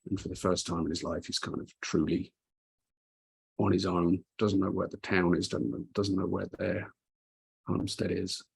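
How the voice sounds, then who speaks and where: A man player narrating a flashback in a tabletop game, halting and repeating words. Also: sits low, little pitch movement, gravelly, slightly rough, low-quality recording.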